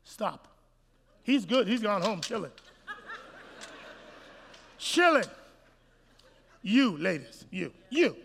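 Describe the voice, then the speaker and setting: High-voiced gravelly preacher man. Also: a little slow. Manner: emphatic, repetitive, animated preaching. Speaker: pastor. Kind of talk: sermon. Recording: echoey hall.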